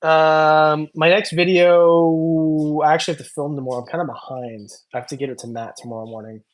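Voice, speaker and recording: Slightly high and steady in tone, this man talks briskly as host of a reptile channel. Tired after hours of a long casual livestream, he reads chat comments aloud and jokes loosely, rambling with many fillers.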